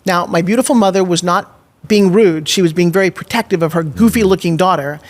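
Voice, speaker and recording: A woman in her sixties from New York, with a New York accent, telling animated, expressive stories as an interview guest. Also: lowish voice, fairly quick. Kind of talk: storytelling in an interview.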